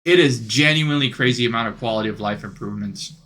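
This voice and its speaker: Young guy doing chatty gameplay commentary, bright punchy voice, keeps saying bro, swears a lot. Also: mid-range voice, fast talker. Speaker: gaming video creator.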